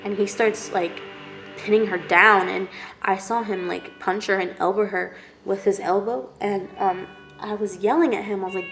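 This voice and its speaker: A woman with a gravelly, fry-edged voice recounts a painful personal story, halting and candid, full of fillers and restarts. Her pitch stays fairly flat and level, and music plays steadily underneath. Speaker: vlogger. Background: music playing.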